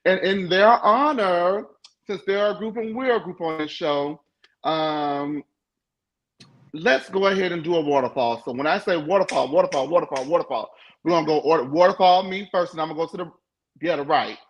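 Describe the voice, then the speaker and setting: A man with a fairly high voice leads a live recap panel. He talks sassy and animated, teasing his co-hosts and breaking into playful chants. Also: normal speed, lo-fi sound. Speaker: panel host.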